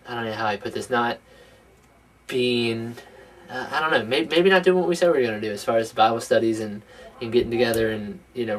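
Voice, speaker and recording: A man's voice: medium pitch, a bit bright. A young man speaking sincerely to his housemates, hesitant and restarting his sentences often. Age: young adult. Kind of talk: casual reflective talk. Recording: distant mic.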